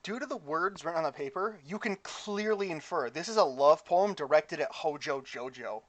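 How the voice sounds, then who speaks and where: A man running a tabletop game as game master, narrating in a casual, halting way. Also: a little high, expressive, fairly bright tone.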